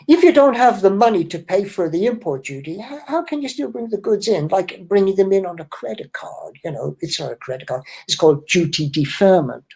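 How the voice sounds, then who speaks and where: A man's voice: fairly high pitch, creaky, darkish tone, slightly rough. A man answering audience questions in a webinar as an import-export trainer, explaining with emphasis and correcting himself.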